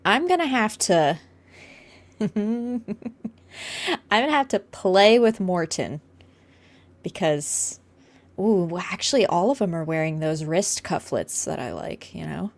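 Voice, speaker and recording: A woman co-hosting a casual chat, laid-back, thinking aloud with ums and drawn-out words. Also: fairly low pitch, lively intonation. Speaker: podcast co-host.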